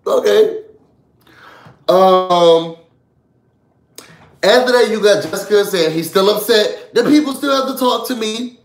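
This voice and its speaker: A man casually recapping a reality show for his viewers, animated and chatty, often calling out to them. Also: high-pitched, moderate pace, reverberant. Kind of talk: casual live recap chat.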